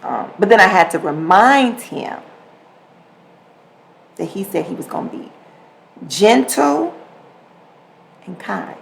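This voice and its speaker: A woman with a gravelly, creaky edge to her voice talks through a story on her podcast, often repeating words and slipping into the voices of the people she quotes. Her delivery is relaxed and conversational, with a faint hiss of noise under the recording. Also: mid-range voice, slow pace, long pauses, low-quality recording. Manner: animated, repeats words, acts out quoted exchanges. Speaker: podcast host. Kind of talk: casual storytelling monologue.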